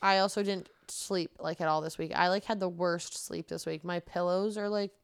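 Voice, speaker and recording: A woman in her twenties co-hosts a podcast in a lowish, smooth voice, keeping a steady tone at normal speed with no room sound. In casual chat she rambles through stories loaded with fillers.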